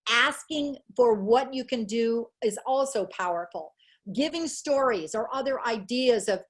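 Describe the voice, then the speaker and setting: A woman's voice: on the high side, animated, moderate pace. A woman psychologist giving an earnest, emotional webinar talk over a video call, acting out the people in her stories. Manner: earnest, emotional, acts out quotes. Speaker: guest speaker, educational psychologist.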